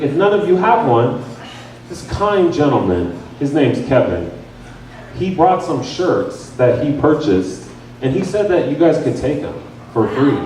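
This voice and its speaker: A man's voice: mid-range voice, a little hiss or hum. A young man giving a casual, jokey training talk to a crowd in a bar lounge, recorded by a camera from some distance. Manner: animated, jokey, conversational. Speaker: campaign volunteer trainer. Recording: very echoey room from far off.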